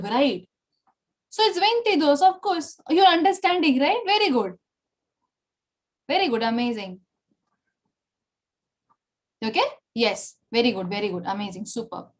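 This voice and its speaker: Woman, Indian English accent, high voice, online Spanish teacher, encouraging, repetitive drilling. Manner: encouraging, repeats and praises often. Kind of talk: online language class.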